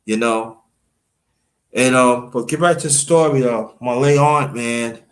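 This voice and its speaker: A man from Brooklyn, telling a halting, emotional family story on a livestream and thanking viewers by name. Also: mid-range voice. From Brooklyn, New York. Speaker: livestream host.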